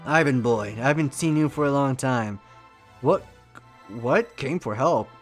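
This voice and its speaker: A man voicing a gruff old male militia major with a Ukrainian accent and a lisp. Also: mid-range voice, measured pace, soft background music, natural voice. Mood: scolding. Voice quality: lisping.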